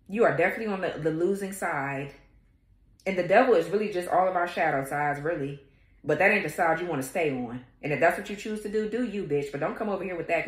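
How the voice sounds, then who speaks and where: A woman with a low voice reads tarot and rants at her haters. She is profane and confrontational the whole way through. The recording has a noticeable room echo. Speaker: tarot reader. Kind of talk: tarot reading rant. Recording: echoey room.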